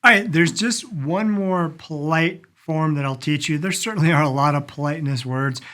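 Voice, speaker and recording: A middle-aged man giving a casual spoken language lesson, lively, acting out polite phrases as he goes. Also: a little high, moderate pace. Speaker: language teacher.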